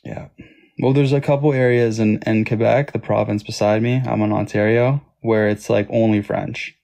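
A man's voice: on the low side, fairly even intonation, normal speed, creaky, mellow. A man with a Toronto Canadian accent, chatting casually on a live stream and thanking viewers by name. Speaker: livestream host.

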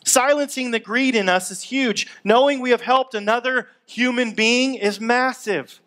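A man's voice: very high-pitched, a little slow, sharp tone. A man preaching a sermon in a conversational, upbeat way, acting out everyday complaints to make his point. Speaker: pastor.

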